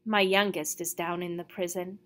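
A woman voicing a brisk, motherly landlady. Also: lowish voice, level tone, a bit bright, close to an everyday voice.

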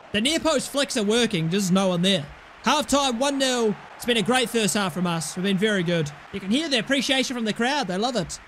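A young man commentating his own football video game, swinging from low muttered asides to excited yells at the screen. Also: slight background noise. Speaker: gaming YouTuber. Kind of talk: live gameplay commentary.

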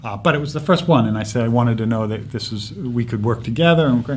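A man, a film director, telling stories in a casual interview, lively and laughing as he recounts. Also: medium pitch, fast talker, a little hiss or hum. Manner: animated storyteller, laughs while recounting.

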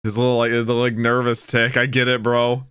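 This clear, resonant medium-pitched male voice moves at a normal speed. It belongs to a young man whose anime reaction is casual and emotional, full of excitement and frequent shouts of "bro."

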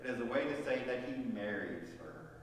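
A man's voice: mid-range voice, expressive, a little fast. A man preaching a sermon, telling a story and putting questions to the congregation. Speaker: pastor. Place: church sanctuary. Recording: echoey church hall, voice from far off.

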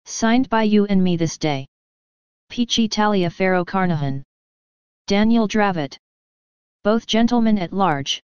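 A woman reading an audiobook in steady, measured scripted narration. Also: medium pitch, clean tone, no room sound. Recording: dull, dry, lo-fi audio.

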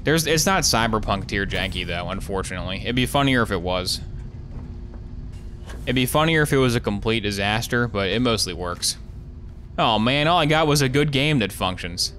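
A man giving casual, sarcastic let's play commentary as he plays, with joking asides and sudden excited yelps. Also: on the low side, normal speed, slight background noise. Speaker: gameplay streamer.

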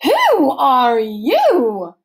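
A stern older camp director barks her questions slowly, each word stretched out. A woman puts her on as she reads a storybook aloud. The voice sits higher and louder than the reader's own. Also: wildly swooping pitch, gravelly, exaggerated voice. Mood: demanding. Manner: slow, loud, demanding.

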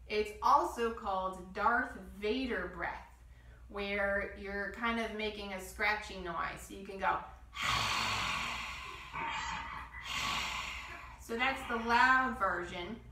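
A woman guiding a children's yoga class, giving gentle step-by-step instructions and demonstrating breath sounds. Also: mid-range voice, reverberant, recorded from a distance, poor audio. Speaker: kids yoga teacher.

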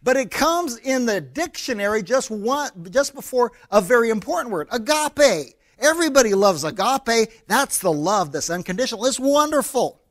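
A man's voice: very high voice, sing-song, moderate pace, few pauses, fairly bright tone. A man with an American accent, a pastor preaching a sermon in a conversational way and acting out little scenes in quoted voices.

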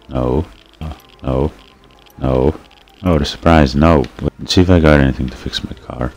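Man, very deep low voice, let's-play gaming commentary, sarcastic self-mocking jokes, excited shouts at the game. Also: measured pace. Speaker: gameplay commentator.

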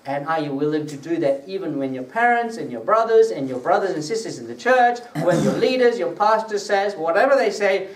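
A man with a fairly high voice teaches a sermon and keeps checking that his listeners follow him. He swells louder on scripture quotes. He sounds set back from the mic in a reverberant room, with a faint hiss underneath. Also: lively intonation, fairly quick, hardly any pauses, distant mic. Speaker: preacher. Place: prayer gathering room.

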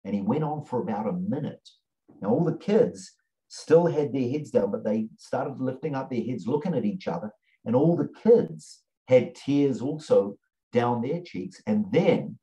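A man teaching a lesson through a story, with earnest, repetitive storytelling and long pauses. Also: medium pitch, lively intonation, dark tone, muffled recording.

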